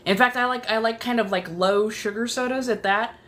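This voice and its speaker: A woman's voice: a little high, fairly even intonation, fairly quick, a bit bright, slight background noise. A woman streamer chatting casually, swearing and getting dramatic, sometimes dropping into whispers. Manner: profane, dramatic, drifts into whispers. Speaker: ASMR streamer. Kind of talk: casual chat. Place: apartment.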